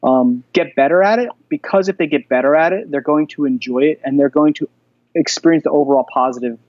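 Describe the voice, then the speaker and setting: Animated storytelling man, dry sound. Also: a little high, brisk, no room sound, highs cut off. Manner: animated storyteller, many fillers. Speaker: guest, jiu-jitsu black belt instructor. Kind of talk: casual podcast interview.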